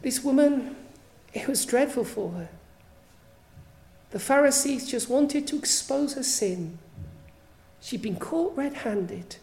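A woman preaches a sermon with a mellow, fairly high voice. She sounds earnest and pleading and often turns to put direct questions to her listeners. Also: animated, takes it slowly, pauses often, echoey room, low-quality recording.

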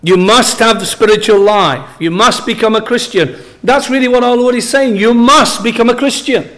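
Emphatic preacher, high voice. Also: male voice, a bit bright. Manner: emphatic, repeats key phrases slowly. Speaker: pastor. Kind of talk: sermon.

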